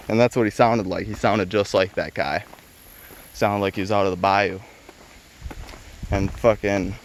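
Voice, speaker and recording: Young guy, lower voice, foul-mouthed, laughing storyteller; noisy background. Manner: heavy swearing, laughs between lines. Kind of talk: casual spoken storytelling.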